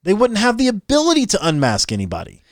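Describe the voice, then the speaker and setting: A man co-hosting a political commentary show, talking in an animated, incredulous and joking way. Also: sits high, fast talker, no room sound, clean studio sound. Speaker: podcast co-host.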